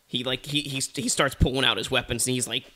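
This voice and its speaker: Male comedy podcast host, bright forceful voice, rambling, profane, lots of fillers. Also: mid-range voice, fairly even intonation, fairly quick. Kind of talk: comedic storytelling.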